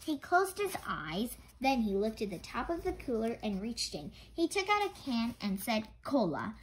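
A woman reading a children's mystery book aloud in an animated way, with small slips she corrects. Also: on the high side, normal speed, slight background noise, poor audio. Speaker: storybook reader.

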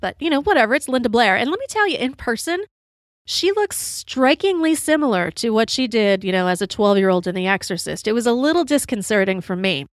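A woman's voice: a little high, animated, fairly quick, dry recording, clean studio sound. A woman hosting her podcast, telling rambling stories with lots of fillers while a bit tipsy from drinking. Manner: chatty, rambling, many "you know" fillers, laughs at own story. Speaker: podcast host. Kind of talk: casual storytelling monologue.

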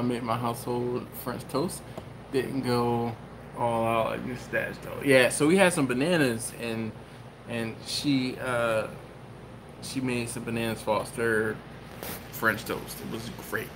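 A man's voice: medium pitch, steady tone, measured pace, noisy background. A man hosting a casual live stream from his home kitchen, reading viewer comments aloud and riffing on them. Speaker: host.

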